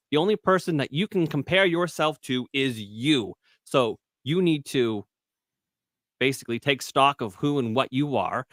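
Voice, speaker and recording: A man chatting casually as a guest on a live stream about making online content. He rambles, restarts often, and acts out other voices with sudden high jumps in pitch. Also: a bit bright, no room sound.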